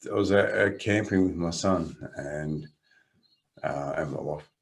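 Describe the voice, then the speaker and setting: Speaking a little slowly in a gravelly, fairly low voice, a coach with an Australian accent chats casually on a podcast. His advice comes across calm and encouraging, while his stories are lively and full of laughter.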